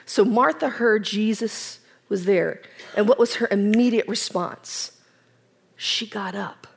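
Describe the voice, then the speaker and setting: A woman preaching a sermon, retelling scripture with dramatic shifts from loud emphasis to near-whispers. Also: mid-range voice, takes it slowly, gravelly, breathy edge. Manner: dramatic, varies volume, drops to whispers.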